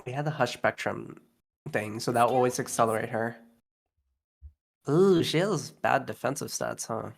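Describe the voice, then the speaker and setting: A man's voice: medium pitch, moderate pace, gravelly, long pauses. A man, a guest in a casual game reaction chat, talking bluntly and jokingly and swearing freely. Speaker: guest co-host.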